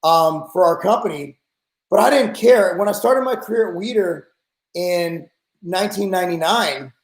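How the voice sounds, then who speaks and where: A man's voice: high-pitched, moderate pace, echoey room, rough recording. A man in his forties hosting a podcast, ranting bluntly and with exasperation in casual talk. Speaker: podcast host.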